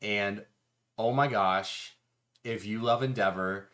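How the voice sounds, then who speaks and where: Excitable rambling man talking board games. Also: fairly low pitch, slow pace. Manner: excitable, rambling, laughs often. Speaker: podcast co-host. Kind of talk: casual chat about board games.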